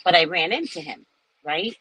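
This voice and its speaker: A woman's voice: on the low side, moderate pace, breathy edge, rough recording. A woman in her sixties, a psychic host, chatting casually to viewers and acting out the people in her stories. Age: 60s. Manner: animated, chatty, acts out quotes. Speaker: psychic reader and live host.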